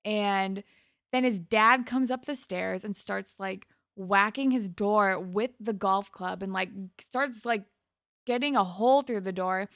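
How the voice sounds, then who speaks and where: A woman's voice: medium pitch, fairly bright tone, no echo, clean studio sound. A young adult woman co-hosting a podcast, chattily retelling a TV episode with lots of quoted dialogue. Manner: chatty, loose storytelling with many fillers and quoted lines. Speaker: podcast co-host. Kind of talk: casual chat recapping a TV episode.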